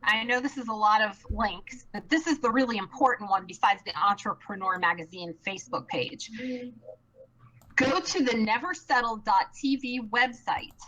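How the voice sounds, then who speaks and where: A woman chatting excitedly on a live stream, bubbly and rambling, with many fillers and restarts. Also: fairly high pitch, moderate pace, dull audio. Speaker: live stream co-producer and host.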